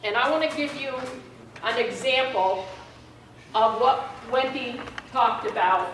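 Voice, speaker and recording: A woman's voice: fairly high pitch, a little slow, a bit bright, a little hiss or hum. A woman speaking at a public meeting, telling an emotional personal story about her mother. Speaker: public commenter. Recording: echoey hall, mic far off.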